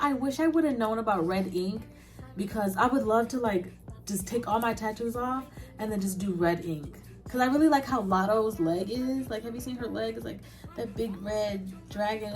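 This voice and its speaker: A young woman vlogger answering viewer questions in a candid, casual chat, laughing often and dropping in quick asides. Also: a little high.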